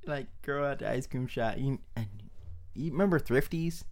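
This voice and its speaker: A man's voice: mid-range voice, moderate pace, a little mellow. A young man, a comedian guest on a podcast, telling family stories in casual chat, laughing often and acting out the people he quotes.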